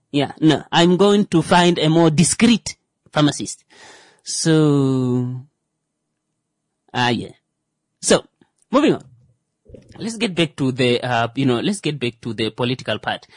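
A woman's voice: very deep voice, no echo. A woman talking in a rambling, casual monologue, full of fillers, who acts out little quoted exchanges.

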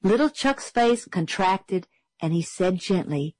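A woman reading a novel aloud as an audiobook narrator, steady and clear. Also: fairly low pitch, slow pace, no echo, rough recording. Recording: dry close studio sound.

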